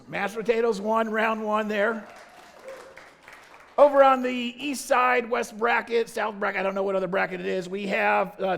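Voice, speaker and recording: A pastor at a church service running a playful, jokey poll with the congregation, calling out to the crowd. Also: male voice, sits high, creaky. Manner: jokey, energetic, calls out to the crowd. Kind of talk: playful audience poll from the stage.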